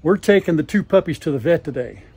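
A man's voice: a little high, animated, quick pace, dark tone, slight background noise. An older man hosting a casual farm vlog in a folksy, chatty way, recorded on a lapel mic. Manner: folksy and chatty, talks sweetly to dogs. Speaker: farm vlogger.

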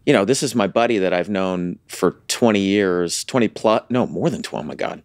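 A man's voice: low voice, expressive, a little fast, smooth, dry recording, clean studio sound. A man co-hosting a podcast in casual chat, playful and riffing on jokes. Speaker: podcast co-host.

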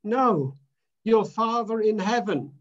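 Slow, emphatic male preacher. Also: sits high, animated, highs cut off. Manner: emphatic, measured preaching with repeated phrases. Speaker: minister. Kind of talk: sermon.

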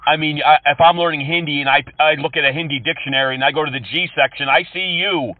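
A man taunting scammers over the phone, swinging between sugary fake politeness and loud insults. His voice sits slightly high for a man. It is recorded dry and sounds thin and phone-like. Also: fast, no echo. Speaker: scam-baiting prank caller. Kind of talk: prank phone calls. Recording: tinny phone-call audio.

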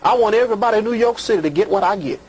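High-voiced man hosting a call-in show. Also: very fast, a little mellow, breathy edge, rough recording. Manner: preachy, rambling, hollering rants; crooning, flirty with callers. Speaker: call-in show host giving readings.

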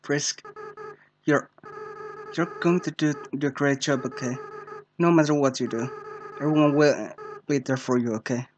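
A gamer voicing a remorseful young boy monster, reading the game's dialogue aloud in a soft, faltering way. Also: medium pitch, fairly even intonation, normal speed, pauses often, lo-fi sound, a little hiss or hum, natural voice. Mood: tender.

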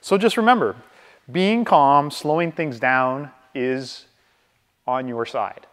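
A Canadian man giving a live real estate training over a video call. He talks conversationally, keeps asking "right?", and slows down on purpose to model calm. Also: mid-range voice, in a large hall.

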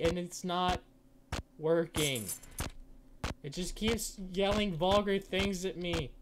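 Young man, horror game commentary, jumpy, swears constantly, higher-pitched voice, noticeable background noise. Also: takes it slowly, long pauses. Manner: swears a lot, jumpy, shouts when startled. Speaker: gaming channel host.

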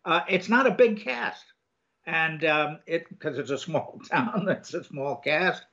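An older man shares his opinions on a film, casual and halting, full of ums and restarts. His voice sits a little high. The recording sounds dull and lo-fi. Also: bright, forceful tone. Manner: rambling, hesitant with many ums and restarts. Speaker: co-host film reviewer. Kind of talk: casual review chat.

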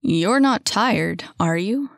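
A woman voicing a clumsy, gentle young man who speaks firmly with a gentle tease. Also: expressive, slow pace, vocal fry, no echo, studio quality. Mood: wry. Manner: lowered, firm, gently teasing.

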